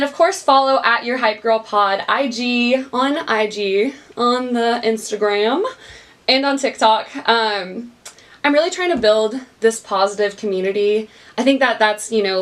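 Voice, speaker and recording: A young woman hosting her own podcast, upbeat and bubbly, laughing often and talking straight to her listeners. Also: medium pitch. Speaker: podcast host. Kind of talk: casual solo podcast chat. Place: small recording studio.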